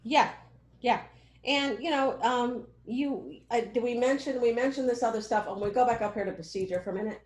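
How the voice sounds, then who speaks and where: A woman's voice: a little high, moderate pace. Rambling woman with an echoey call sound. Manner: rambling, filler-heavy, checks in often. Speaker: research mentor. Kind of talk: casual meeting feedback.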